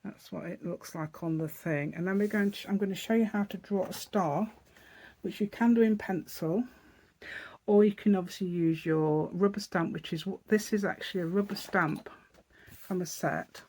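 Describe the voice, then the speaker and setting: This woman, a craft channel host from England's East Midlands, has a husky, darkish voice on the low side and speaks at a moderate pace. In a casual crafting tutorial she demonstrates a paper craft project step by step, thinking aloud in a rambling, chatty way.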